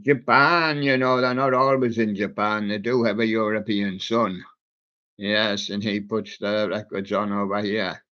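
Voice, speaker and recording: A man's voice: fairly low pitch, steady tone, a little slow, sharp tone. A man hosting a live music stream, joking and punning on song titles as he goes. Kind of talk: playful music chat. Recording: dull lo-fi sound.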